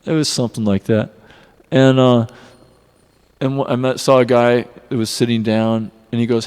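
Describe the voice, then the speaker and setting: A man giving a devotional class in a temple hall, telling personal stories in an earnest, animated way. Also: medium pitch, normal speed, clean tone. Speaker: class speaker. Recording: long reverb of a hall.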